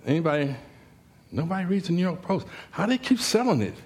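A man preaching a sermon in a church, telling a story with humor and rising, animated exclamations. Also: high voice, brisk, background noise.

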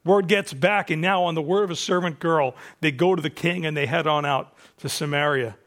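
A male pastor preaching a sermon, telling stories in an animated way and acting out the quotes. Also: a little high, a little fast.

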